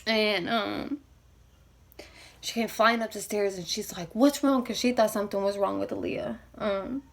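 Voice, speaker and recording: A woman's voice: mid-range voice, fairly even intonation, a little slow, gravelly. A young woman vlogger telling a painful personal story, emotional and near tears, rambling with many fillers. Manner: rambling, full of fillers like "you know what I mean".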